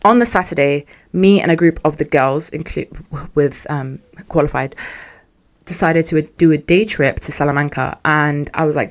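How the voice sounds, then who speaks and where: A woman's voice: low-pitched, normal speed. Slangy young woman telling a story. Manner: animated, slangy, sarcastic. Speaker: podcast host. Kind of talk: casual storytelling.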